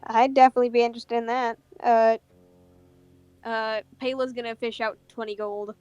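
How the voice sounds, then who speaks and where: Woman, tabletop player, brash and sweary, a bit high. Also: flat delivery, moderate pace, a little mellow, clear, resonant tone, highs cut off, soft background music. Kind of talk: casual tabletop play.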